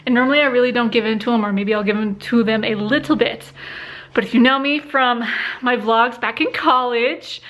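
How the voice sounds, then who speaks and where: A young woman from Colorado talking casually in a vlog. She is chatty, laughs often and drops into hushed asides. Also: on the high side, steady tone, a little fast, no echo, low-quality recording. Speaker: vlogger. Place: outdoors on a walk, later at a hospital.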